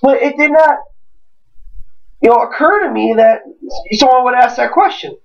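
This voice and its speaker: A man casually telling a comic story on a home podcast, rambling, animated and swearing when worked up. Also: very high-pitched, normal speed, gravelly. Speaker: podcast co-host. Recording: distant, dull lo-fi home recording.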